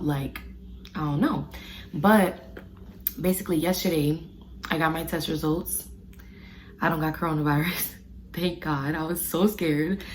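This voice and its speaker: A woman's voice: low-pitched, a little mellow, slight background noise, low-quality recording. A young woman in her twenties telling a story in slangy casual chat while doing her makeup, recorded close on a phone indoors. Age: 20s. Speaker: beauty vlogger. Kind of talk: casual get-ready-with-me chat. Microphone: phone camera close up.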